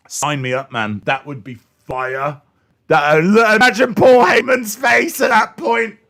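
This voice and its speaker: A man hosting a live reaction stream, excitably commenting and answering chat questions, his microphone clipping when he gets loud. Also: a little high. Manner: excitable, hums entrance themes, answers chat. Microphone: desk microphone that clips when loud.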